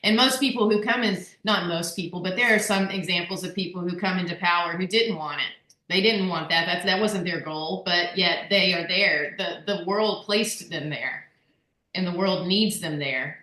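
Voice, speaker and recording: A woman co-hosting a workshop discussion, talking in an animated, rambling way and laughing often. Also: on the low side, normal speed. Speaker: workshop co-host. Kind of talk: casual group discussion. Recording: echoey room.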